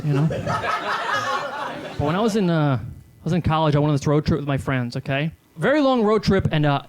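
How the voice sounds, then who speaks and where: A young man performing stand-up comedy in a halting, hesitant way, full of fillers, live before a laughing audience. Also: fairly high pitch.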